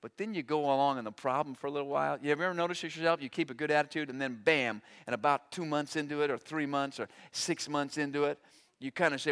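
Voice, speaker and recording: A middle-aged man delivering a sermon, his voice pitched high and bright. He preaches with animation, slipping into short acted-out quotes as he goes. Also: fairly even intonation, fast talker, clean tone. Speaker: pastor.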